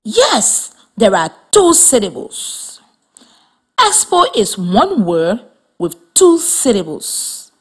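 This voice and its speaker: A woman teaching a children's reading lesson on radio in a slow, clear, instructive way. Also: a little high, huge pitch swings. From Liberia.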